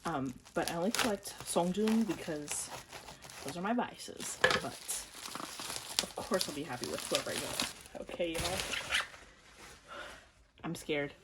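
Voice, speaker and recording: A woman chatting casually to camera while unboxing, excitable and prone to gasps and squeals, then dropping into quiet mumbles. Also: lowish voice, slow, long pauses, heavy background noise. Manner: drops to quiet mumbles between outbursts. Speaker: vlogger unboxing albums.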